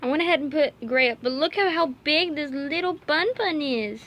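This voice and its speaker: A woman's voice: high-pitched, normal speed, fairly bright tone. Chatty woman vlogging with her rabbits. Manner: chatty and rambling, cooing baby talk to her rabbits. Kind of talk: casual vlog chat while caring for pet rabbits.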